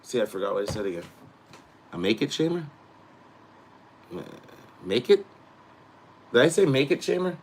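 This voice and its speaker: A middle-aged man hosting a live show, ranting casually and swearing constantly, dropping to mutters and rising to loud outbursts. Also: a little high, lively intonation, normal speed, long pauses. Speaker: podcast host, wrestler. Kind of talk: profane casual rant.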